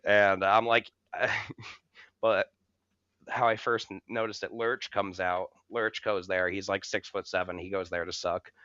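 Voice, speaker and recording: Bright, rambling storyteller man. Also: deep voice, flat delivery, measured pace, clean tone, no echo, lo-fi sound. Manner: rambling, profane, laughs through stories. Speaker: podcast co-host. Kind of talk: casual storytelling.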